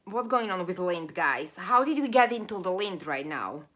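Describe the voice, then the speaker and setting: A female live-stream host with a non-native accent chats casually while reading viewer comments. Her lowish voice is bright and expressive even as she loses it, and she rambles effusively with quick laughs and plenty of thank-yous.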